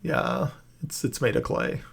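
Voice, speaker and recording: A man narrates a tabletop game as game master, stopping often for fillers and restarts. His voice is gravelly and a little husky. He speaks slowly. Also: medium pitch, huge pitch swings. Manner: hesitant, many fillers and restarts.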